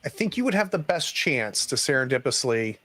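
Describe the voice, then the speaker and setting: A man narrating as game master, relaxed and hesitant with many fillers. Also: medium pitch, fairly quick.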